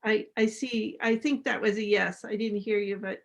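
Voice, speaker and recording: A woman hosting a group session on a video call, handing over to a guest in a warm, encouraging way with small hesitations. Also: medium pitch, fairly even intonation, moderate pace, creaky.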